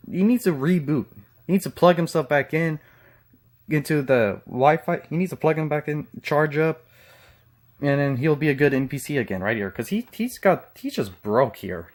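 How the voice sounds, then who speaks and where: A man from Texas giving mocking, sarcastic reaction commentary with frequent profanity. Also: on the high side. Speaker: commentary channel host.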